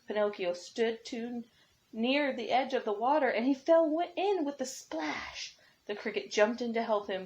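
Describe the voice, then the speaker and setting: Woman reading storybooks to preschoolers. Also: medium pitch. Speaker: preschool teacher. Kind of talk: reading storybooks aloud to children. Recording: dull lo-fi recording.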